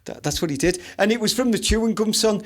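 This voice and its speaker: A man's voice: high voice, quick pace. A middle-aged man with a Teesside accent co-hosting a comedy podcast, teasing and laughing crudely. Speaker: podcast co-host.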